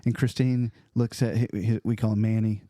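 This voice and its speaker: A man co-hosts a casual faith podcast with a mellow, warm voice. He rambles through stories, losing words and laughing along the way. The studio sound is dry and close. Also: fairly low pitch, little pitch movement, normal speed, dry recording. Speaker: podcast co-host. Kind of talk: casual chat.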